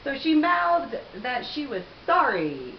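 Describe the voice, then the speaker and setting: A woman tells a story to camera at an unhurried pace. Her pitch swings widely, and she breaks into laughter and sarcastic asides. The room sounds echoey, the audio slightly dull, with a faint hiss. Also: very animated. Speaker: vlogger telling a personal story.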